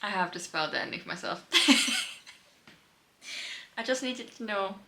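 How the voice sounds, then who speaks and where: A woman's voice: mid-range voice, animated, measured pace, gravelly, pushed and bright, rough recording. A young woman chatting casually about her reading at home, laughing often and sounding tired. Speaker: book vlogger. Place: home indoors.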